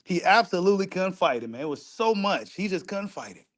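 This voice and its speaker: A man's voice: high-pitched, very animated, fairly quick. A man giving casual reaction commentary, repeating phrases and swearing for emphasis. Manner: repetitive, emphatic, profane street talk. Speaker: host reacting to video.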